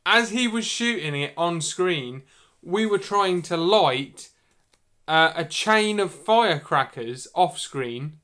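A man's voice: high voice, lively intonation, slow pace, sharp tone. A man co-hosting a podcast, chatting casually and telling stories with repeats and fillers. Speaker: podcast co-host. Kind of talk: casual chat.

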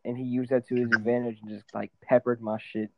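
A man's voice: mid-range voice, level tone, brisk, dull audio, heavy background noise. A young man in casual chat, talking in a laid-back, slangy, profane way.

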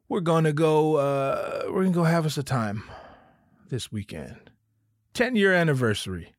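A man's voice: fairly low pitch, dry recording, studio quality. A man in his thirties hosting a casual solo podcast, riffing and joking with lots of swearing and self-interruptions. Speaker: podcast host.

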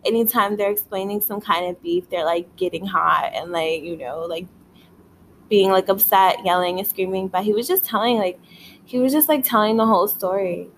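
A woman hosting a casual solo podcast, rambling with lots of filler words, swearing and frequent laughter while she is high. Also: normal speed, a little hiss or hum. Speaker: podcast host.

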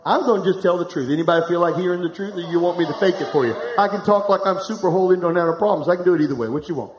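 A middle-aged pastor preaching live to a congregation, candid and humorous, telling a personal story and speaking to the room directly. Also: male voice, high-pitched, rapid-fire. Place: church hall, live before a congregation. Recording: echoey room.

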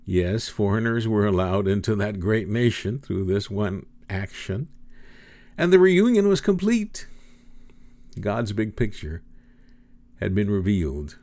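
A man preaching a sermon, with dramatic, slow, emphatic delivery and big swings in pitch and volume. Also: very animated, dark tone.

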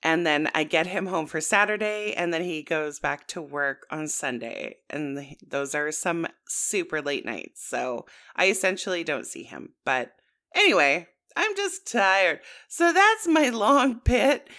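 A woman's voice: deep voice, big pitch swings, a little slow, sharp tone. A woman in her thirties co-hosting a podcast in casual chat, with a sing-songy way of talking. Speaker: podcast co-host.

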